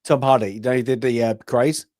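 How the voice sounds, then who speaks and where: A man's voice: medium pitch, fairly even intonation, fairly quick, darkish tone, dry recording, studio quality. A man from London with a London accent, chatting casually as a film podcast co-host, rambling with many restarts and frequent laughs. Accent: London English. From London, England. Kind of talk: casual chat.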